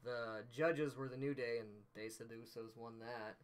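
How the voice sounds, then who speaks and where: A man's voice: mid-range voice, steady tone, normal speed, clean tone. A man co-hosting a casual stream, chatting about wrestling predictions in a rambling, laughing way. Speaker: stream co-host.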